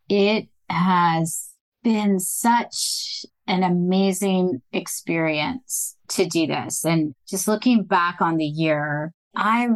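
A woman co-hosting a podcast, speaking slowly and thoughtfully. Her voice is a little low and she takes her time. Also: rough recording. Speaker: podcast co-host. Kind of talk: casual podcast chat.

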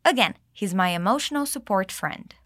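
A woman teaching English, explaining dialogue lines and modeling them slowly for learners to repeat. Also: mid-range voice, expressive, fairly bright tone, no echo, studio quality. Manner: clear, slow modeling of phrases with exaggerated intonation. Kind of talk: English lesson with repeat-after-me drills.

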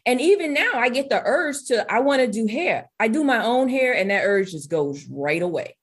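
A woman who coaches stylists, talking casually in an interview and acting out her own quotes with lively jumps in voice. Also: normal speed, breathy edge. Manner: animated storyteller, acts out her own quotes in a higher voice. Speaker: guest, business coach and former hairstylist.

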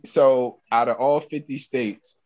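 A man's voice: medium pitch, steady tone, slow, a little mellow. A man hosting a casual podcast chat, asking playful questions.

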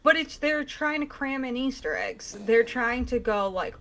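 Animated woman ranting in casual chat. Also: high voice, measured pace.

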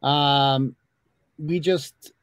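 A man's voice: a little high, fairly even intonation, very slow, fairly bright tone, clear, resonant tone, no room sound. A man hosting a live talk show, chatting casually, bluntly and with plenty of swearing. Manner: blunt, swears freely, rambling. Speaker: host.

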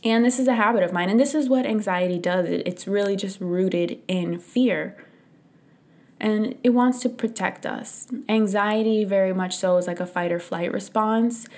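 A young adult woman talks alone on her podcast in a casual, candid way. She tells her story with animation and voices her own inner thoughts. Her voice sits at a middle pitch. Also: moderate pace, darkish tone. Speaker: podcast host. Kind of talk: casual solo podcast talk.

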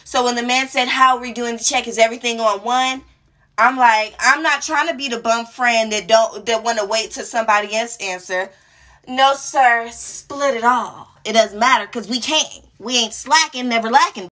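A woman's voice: fairly high pitch, moderate pace. A young woman hosting a radio talk show, telling a story casually and acting out each person's lines. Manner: animated, acts out dialogue in different voices.

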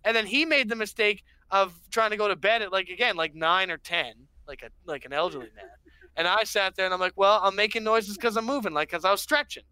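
High, bright young man telling tales. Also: brisk, smooth. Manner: rambling storyteller, mock-dramatic, acts out quotes. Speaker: podcast co-host. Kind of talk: casual chat.

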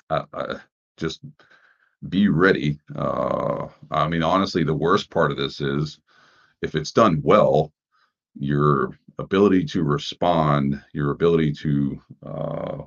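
A man's voice: extremely low pitch, creaky. A man hosting a podcast, giving casual news commentary in a conversational way, asking rhetorical questions and using plenty of fillers. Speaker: podcast host. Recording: dull lo-fi sound.

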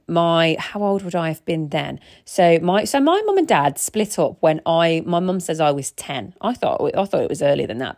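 A woman in her thirties hosting a casual solo podcast, a chatty, rambling storyteller who often restarts her sentences. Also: low voice. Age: 30s. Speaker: podcast host.

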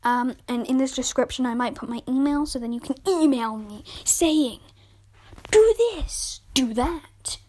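High-voiced woman reading a storybook aloud. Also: moderate pace, hardly any pauses, darkish tone. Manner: chatty, self-correcting, informal. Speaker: podcast host reading a novel aloud.

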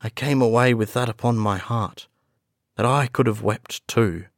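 A man voicing a frightened old male butler who speaks in a hushed, fearful way. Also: mid-range voice, a little slow, no echo, studio quality, lightly acted.

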